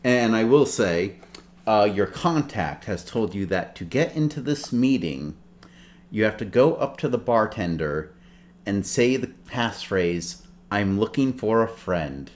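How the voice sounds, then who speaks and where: Low-voiced male game master, relaxed, casual narration. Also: unhurried. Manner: relaxed, filler-heavy narration. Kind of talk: running a tabletop game.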